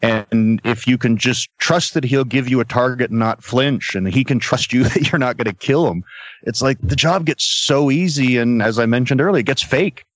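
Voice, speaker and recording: A middle-aged man, a guest on a podcast, telling stories from his career in a casual, animated way. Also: medium pitch, normal speed, dry recording, poor audio. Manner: animated storyteller, acts out quotes. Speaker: podcast guest, former wrestler. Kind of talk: casual storytelling. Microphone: podcast mic.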